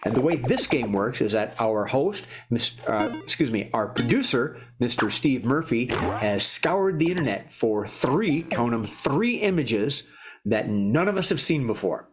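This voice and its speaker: Medium in pitch with big swings, this man talks a little slowly over soft background music. Hosting a live improv comedy show in a warm indoor studio, he rambles, jokes, and keeps restarting.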